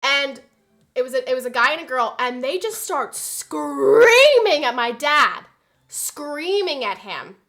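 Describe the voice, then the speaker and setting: A young woman streamer telling a story in casual chat, animated and swearing, acting out quotes loudly. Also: sits high, measured pace.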